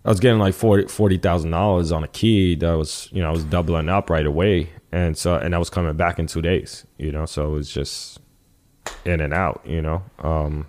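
A man with a very low voice, talking loosely as an interview guest. He rambles, restarts his sentences and swears often as he tells his story. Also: steady tone, a little fast, darkish tone. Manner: rambling with frequent restarts and profanity. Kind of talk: casual storytelling.

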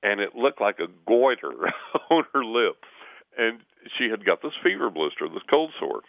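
Deep-voiced man telling stories over a phone line. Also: moderate pace, gravelly, no echo. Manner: animated storyteller, acts out quoted voices. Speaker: guest. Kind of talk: conversational storytelling.

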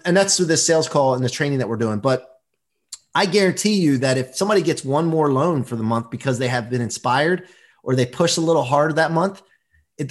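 A man who is a performance coach, talking as a guest in a casual interview, energetic, emphatic and motivational. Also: on the high side.

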